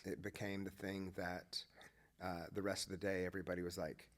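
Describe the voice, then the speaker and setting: Male podcast guest, ex-pastor, casual storyteller with a lowish voice who acts out the dialogue. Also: a little fast. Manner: animated, acts out quoted dialogue.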